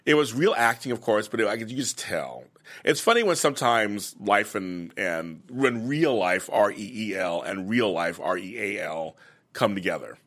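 A man's voice: fairly low pitch, animated, moderate pace, fairly bright tone. A man hosting a fan aftershow, chatting casually and emotionally about the week's episodes, with many fillers and restarts. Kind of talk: casual chat recapping episodes.

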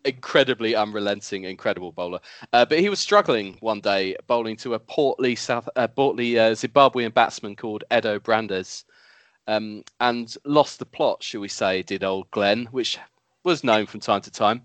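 A man's voice: fairly low pitch, moderate pace, fairly bright tone, dry recording. A man, the show's usual host, telling a joke story in a laid-back, chuckling way. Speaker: podcast panelist, usual host. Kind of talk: casual podcast anecdote.

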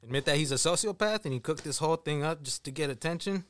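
A man guest on a podcast, telling stories in a dry deadpan way. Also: fairly high pitch, fast, dry recording. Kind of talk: casual podcast banter.

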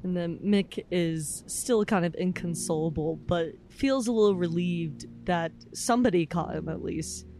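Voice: mid-range voice, measured pace, hardly any pauses, a little mellow, a little hiss or hum. A player in a tabletop game describing their character's actions in the third person, with some hesitation.

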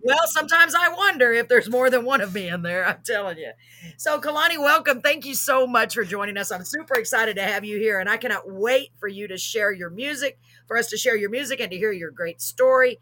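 A woman's voice: fairly high pitch, expressive, a little fast, pushed and bright. A middle-aged woman from Texas, hosting a live chat show, bubbly and jokey with frequent laughs. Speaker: show host.

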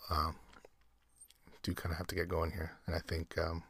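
A man's voice: low-pitched, completely flat delivery, normal speed, vocal fry, a bit bright, slightly rough, dry recording, studio quality. A man reading a short story aloud at an easy pace, with small slips and self-corrections. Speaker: amateur story reader.

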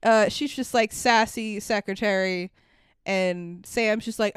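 Woman, young adult, podcast co-host, sarcastic, animated, smooth clear voice. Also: medium pitch, slow pace, no echo, studio quality. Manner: animated, sarcastic, swears freely, acts out quotes. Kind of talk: casual movie review chat.

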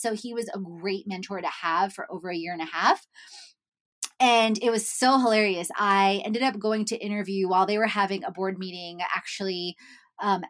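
A young adult woman talking casually to her viewers. She tells a personal story, says "like" often and laughs as she goes. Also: medium pitch. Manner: animated, chatty, says "like" often, laughs while telling.

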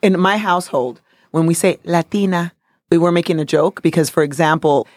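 Fast-talking joking woman in casual chat. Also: low voice, no echo, studio quality. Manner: joking, quick and animated with many fillers.

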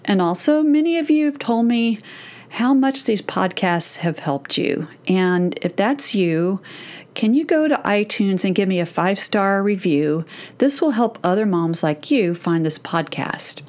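A middle-aged woman talks through a solo podcast episode in a medium-pitched voice. She speaks straight to her listeners, in a direct and encouraging way, like a host guiding mothers. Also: expressive, unhurried, a little mellow.

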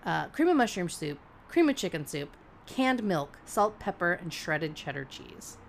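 Podcast co-host, woman, low-ish voice, chatty storyteller, faint hiss. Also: big pitch swings, unhurried, vocal fry. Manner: chatty storyteller, laughs while talking. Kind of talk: casual chat.

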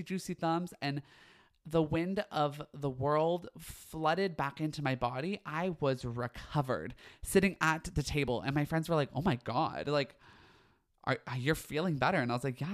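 Young male podcast host, campy and theatrical, gossipy, foul-mouthed, mid-pitched voice. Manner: campy, dramatic, gossipy, swears freely. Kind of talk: casual solo podcast chat.

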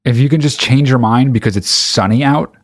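A man's voice: medium pitch, fairly quick, no room sound, studio quality. A man delivering an exasperated, profane comedic rant, swearing constantly and speeding up as he gets angrier.

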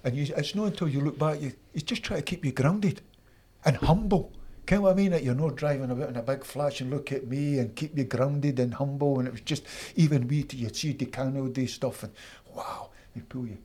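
A Scottish man, a former footballer, telling animated stories from his playing days in an interview, acting out his old coaches. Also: medium pitch, fairly quick, slightly rough. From Scotland. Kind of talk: storytelling interview.

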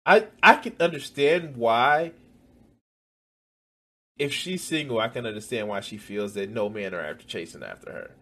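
A man's voice: mid-range voice, very animated, normal speed, fairly bright tone. A man hosting a reaction video, reacting with heavy swearing, laughter and exclamations. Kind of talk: profane reaction commentary.

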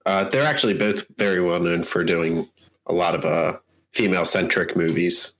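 A man co-hosting a casual podcast chat, chatty and halting, with plenty of fillers. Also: low-pitched, fairly bright tone, slight background noise. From Minnesota, United States. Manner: chatty, laughs mid-sentence, halting fillers. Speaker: podcast co-host.

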